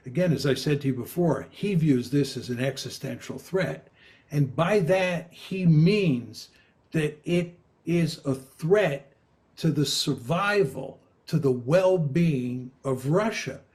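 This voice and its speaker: An older man answering interview questions in a measured, emphatic, lecturing way. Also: fairly high pitch, lively intonation, darkish tone. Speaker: interviewee, political scientist.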